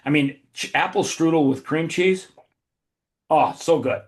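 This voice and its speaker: A man's voice: on the high side, a little slow. A man hosting a casual podcast, telling long rambling stories with frequent restarts and laughs. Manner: rambling, self-interrupting, laughs mid-story. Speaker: podcast host. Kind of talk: casual conversational storytelling.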